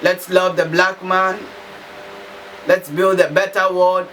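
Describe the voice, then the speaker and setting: A man's voice: sits high, level tone, slow pace, bright, forceful tone. A man from Africa delivering an impassioned, emphatic monologue full of repetition and rhetorical questions. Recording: slightly distant mic, faint background noise.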